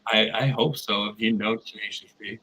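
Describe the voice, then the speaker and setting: A man's voice: lowish voice, steady tone, moderate pace, pushed and bright, breathy edge, rough recording. A man from Texas chatting on a livestream, rambling with lots of fillers and joking around. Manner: rambling, filler-heavy, laid-back joking. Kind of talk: casual livestream banter.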